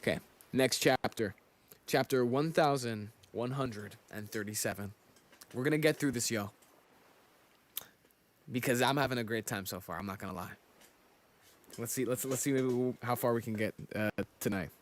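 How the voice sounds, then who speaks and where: A man's voice: medium pitch, moderate pace, pauses often. A man reacting casually on a live stream, thinking aloud and talking to his chat while yawning. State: sleepy, yawning. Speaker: streamer reading manga live.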